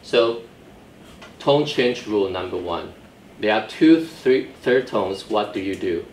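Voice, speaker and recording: A man with a fairly low, darkish, expressive voice takes his time lecturing a Chinese class. He explains rules patiently in steps and checks whether the students are following, heard distantly in an echoey room with faint noise.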